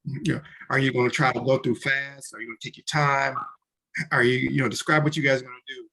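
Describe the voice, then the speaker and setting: A man's voice: medium pitch, little pitch movement, fast, bright, forceful tone. A man in casual chat explaining tabletop game rules, often restarting sentences and briefly acting out character lines. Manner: talks in restarts, acts out short character lines. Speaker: podcast co-host explaining tabletop games.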